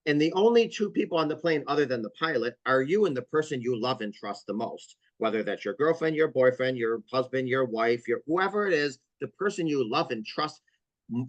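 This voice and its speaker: Man, counselor guest, earnest storyteller, dry close sound, mid pitch. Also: lively intonation, fairly quick, dry recording, lo-fi sound. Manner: earnest, vivid storytelling with repeated emphasis. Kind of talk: interview podcast conversation.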